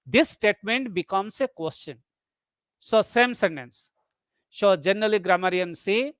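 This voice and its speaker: Lecturer, mid-pitch, methodical webinar delivery that repeats points and demos example sentences; dry, close recording. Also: fairly bright tone, no room sound. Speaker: lecturer on English intonation.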